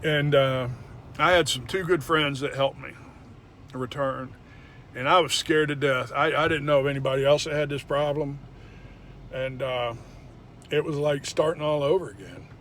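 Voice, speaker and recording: Man, young adult, a bit high-pitched, blunt, profane, personal storytelling. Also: moderate pace, a bit bright, a little hiss or hum. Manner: blunt, profane, emphatic retelling. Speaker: former indie wrestler.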